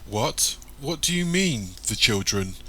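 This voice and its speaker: A man's voice: mid-range voice, big pitch swings, takes it slowly, fairly bright tone, husky, exaggerated voice. A man voicing a shocked woman who asks alarmed questions in a raised voice.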